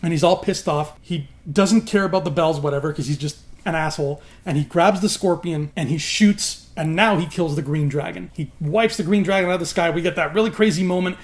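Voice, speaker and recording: A man casually retelling a TV plot to his viewers, animated and swearing freely as he goes. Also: fairly high pitch, fairly quick, hardly any pauses. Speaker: YouTube host.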